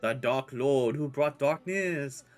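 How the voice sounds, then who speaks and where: A man's voice: mid-range voice, takes it slowly, close to an everyday voice. A man voicing a flamboyant, poetic male swordsman in a theatrical put-on French accent. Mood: grandiose. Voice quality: theatrical, grandiose.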